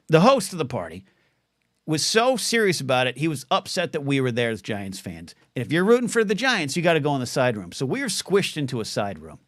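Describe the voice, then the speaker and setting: Animated rambling male podcast host. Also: medium pitch, no room sound, studio quality. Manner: rambling, animated, restarts often, reads out chat questions. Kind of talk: livestream Q&A ramble.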